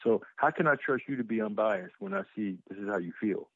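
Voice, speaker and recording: Husky man telling a heated story. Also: lowish voice, brisk, no room sound. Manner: animated storytelling, swearing, repeated restarts. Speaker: co-host. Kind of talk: casual talk show banter. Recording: muffled lo-fi sound.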